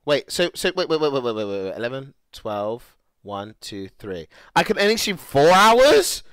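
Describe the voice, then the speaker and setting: A young man livestreaming, excitable and swearing as he talks to his chat. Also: medium pitch, normal speed, clear, resonant tone, no echo, studio quality. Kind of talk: casual livestream chat to viewers.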